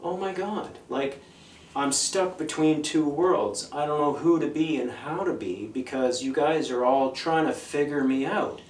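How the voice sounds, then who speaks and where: A man's voice: fairly high pitch, a little slow. A middle-aged man, a punk musician, talks bluntly and profanely in a casual interview monologue, telling his stories with animation. His mid-range voice echoes in a roomy space. He sits back from the mic, and a light background noise runs under him. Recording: echoey room, mic at a distance, faint noise.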